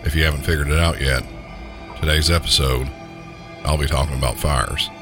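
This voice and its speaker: A man with an extremely low voice and a Southern American accent narrates a podcast in a measured, serious tone. Faint music plays beneath his scripted reading. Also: steady tone. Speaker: podcast host.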